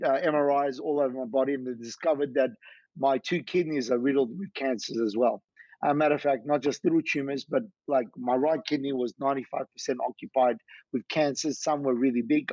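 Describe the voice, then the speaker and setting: A man, a business founder, telling a personal story in an interview with lively delivery and acted-out quotes. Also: medium pitch, brisk, no room sound. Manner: animated, acts out quoted dialogue. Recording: dull lo-fi dry sound.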